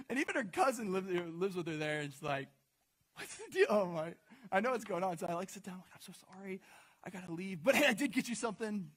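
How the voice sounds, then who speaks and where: A man's voice: sits high, fairly bright tone. A young man preaching to a congregation in a casual, joking storytelling way, full of asides and questions to the crowd. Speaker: pastor speaking to a congregation. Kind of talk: storytelling sermon.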